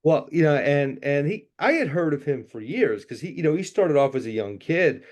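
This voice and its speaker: A man's voice: on the high side, expressive, normal speed, a little mellow. Man asking casual interview questions. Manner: brief, encouraging questions and affirmations.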